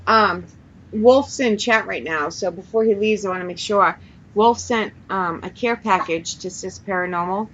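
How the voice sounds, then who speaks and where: A woman's voice: mid-range voice, moderate pace, dull audio. A woman with a Massachusetts accent co-hosting a radio show, chatting playfully and dropping her R's. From Massachusetts and New Hampshire. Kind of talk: casual chat.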